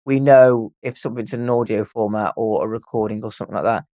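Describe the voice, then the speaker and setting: A young man telling a ghost story as a podcast guest, animated and swearing freely as he acts out what people said. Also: lowish voice, quick pace, no echo. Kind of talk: casual storytelling.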